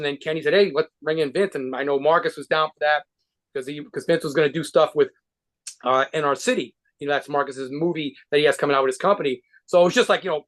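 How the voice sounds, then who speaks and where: New guy with a highish voice, rambling and cursing through a casual interview, lots of restarts. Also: fairly bright tone. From New York. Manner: rambling, profane, with frequent restarts and laughs. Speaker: guitarist and band leader being interviewed.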